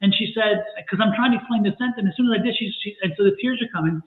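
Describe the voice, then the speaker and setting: A woman's voice: mid-range voice, rapid-fire. A woman working as a psychic medium talks animatedly on a livestream, often circling back and repeating herself. Her voice comes through a narrow, tinny line, with a hollow, echoey room around it. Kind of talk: livestream chat. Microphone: video call. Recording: tinny echoey call audio.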